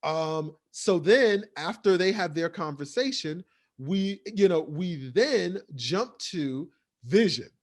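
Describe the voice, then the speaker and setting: A man's voice: high-pitched, expressive, takes it slowly. A man co-hosting a podcast, casually reviewing a TV episode in a rambling way, with lots of fillers. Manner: rambling, filler-heavy recap. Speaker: podcast co-host.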